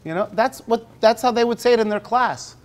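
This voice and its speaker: A male teacher giving a conference presentation in a conversational way, slowing down when he reads aloud. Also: extremely high pitch. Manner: conversational, with restarts; slows down when reading aloud. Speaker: teacher presenting at a university talk.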